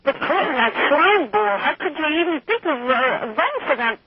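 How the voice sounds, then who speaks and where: A woman's voice: high voice, sing-song, moderate pace, few pauses. A woman calling a radio show, talking in a distraught, shocked and stammering way. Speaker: caller. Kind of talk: call-in radio talk. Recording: muffled phone line with faint noise.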